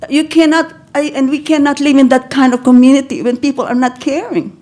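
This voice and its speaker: An older Filipino woman speaks during public comment at a county board meeting, emotional and close to tears, pleading haltingly and restarting after broken-off phrases. Her voice sits high and mellow, with fairly even intonation.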